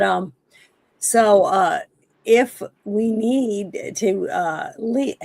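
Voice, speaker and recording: A woman hosting a livestream, giving casual political commentary in a halting way with many fillers, her throat dry and scratchy. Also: mid-range voice, gravelly, no echo. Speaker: livestream host.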